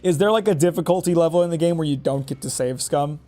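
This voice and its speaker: High-voiced, exasperated man playing games. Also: fast talker, mellow, faint music behind. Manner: exasperated, profane, stammers and repeats words. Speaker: gaming YouTuber. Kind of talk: casual gameplay commentary.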